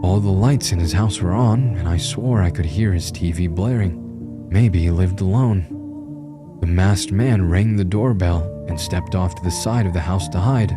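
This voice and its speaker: A man's voice: sits low, a little slow, over music. A man narrating a first-person horror story in a tense, grim storytelling manner.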